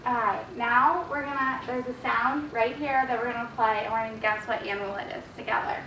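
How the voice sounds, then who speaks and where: A young woman with a fairly high voice leads small children through a classroom lesson, encouraging them and praising each answer. She is recorded from across an echoey classroom, with steady background noise. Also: brisk, far from the mic. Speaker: student teacher.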